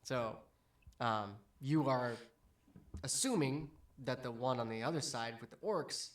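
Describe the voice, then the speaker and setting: Game master, male: slow, hesitant scene-setting narration for a tabletop game. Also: medium pitch. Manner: hesitant, many ums and restarts.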